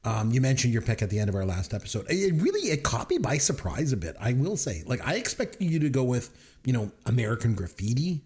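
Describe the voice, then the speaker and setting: Lively joking Canadian man. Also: mid-range voice, fast. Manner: jokey, laughs often, tells dad jokes. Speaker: podcast co-host. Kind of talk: casual podcast chat.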